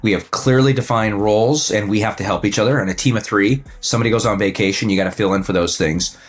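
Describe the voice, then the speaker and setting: A man in his fifties, a financial advisor and coach, talks about his work as a podcast guest in a relaxed, anecdotal way, with frequent fillers and restarts. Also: fairly low pitch, quick pace. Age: 50s. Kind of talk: casual conversational storytelling.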